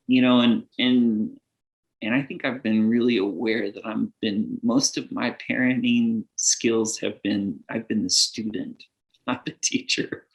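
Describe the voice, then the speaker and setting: A man's voice: medium pitch, fairly even intonation, measured pace, fairly bright tone. A middle-aged man talking earnestly on a podcast as a guest, rambling with lots of fillers and laughing often as he talks. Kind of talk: casual podcast conversation.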